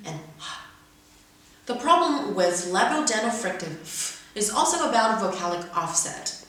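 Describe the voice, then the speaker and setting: The pronunciation teacher has a very animated, mid-range voice that's a bit bright. She goes carefully word by word, reading examples aloud for her lesson. Everything echoes in the room, and the mic is far away.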